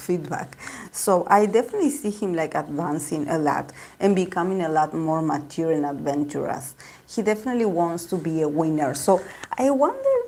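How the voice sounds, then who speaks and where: Lady doing a chatty tarot reading, kinda low voice, rambles and repeats stuff. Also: darkish tone. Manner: rambling, repeats herself, many "you know" and "like" fillers. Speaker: tarot reader. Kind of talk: casual tarot reading monologue.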